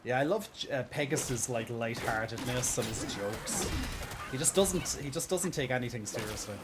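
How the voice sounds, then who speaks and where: A man live-streaming a game, chatting casually and rambling excitedly with lots of fillers and laughter. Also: mid-range voice, normal speed, music in the background. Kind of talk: casual live-stream chat while gaming.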